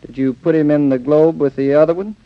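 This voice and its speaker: An actor playing a cheerful young architect husband with a breezy, jovial manner, in an old radio drama. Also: male voice, on the high side, fairly even intonation, fairly quick, close to an everyday voice. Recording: dull lo-fi old radio recording.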